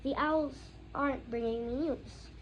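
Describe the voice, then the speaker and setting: A woman's voice: high voice, lively intonation, moderate pace, highs cut off, background noise. A woman voicing a defiant teenage boy who answers firmly and curtly, in a storybook reading. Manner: firm, curt replies.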